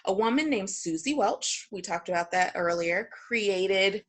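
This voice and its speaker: A woman's voice: mid-range voice, animated, a little slow. A woman instructor teaching a parenting class online in a chatty, joking, self-deprecating way, at times reading a story aloud.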